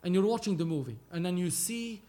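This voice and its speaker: In a casual interview, a Lebanese film producer tells a story in an animated, fairly quick voice that sits a little above the usual male range and has a dark tone. He acts out every side of the dialogue and swears freely.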